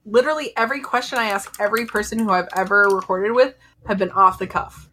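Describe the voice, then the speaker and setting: A woman's voice: mid-range voice, fast talker, sharp tone, a little hiss or hum. A woman podcaster in casual livestream chat, indignant and rambling as she talks. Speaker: podcaster, talk guest.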